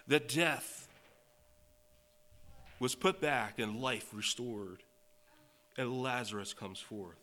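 A man preaching a sermon, quoting scripture and swelling from quiet remarks to loud, emphatic declarations. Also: medium pitch, slow, pauses often. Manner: reads and quotes scripture in old-fashioned wording.

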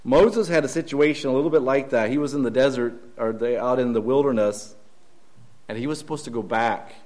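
A man preaching a Sunday morning sermon in a church, earnest and halting, often repeating words and posing questions to the congregation. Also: mid-range voice, darkish tone.

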